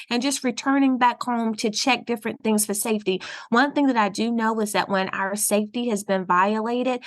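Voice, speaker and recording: Woman, southern us accent, counselor guest, earnest explaining, higher pitch. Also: steady tone, normal speed. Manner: earnest, explanatory, warm laughs. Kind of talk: podcast interview.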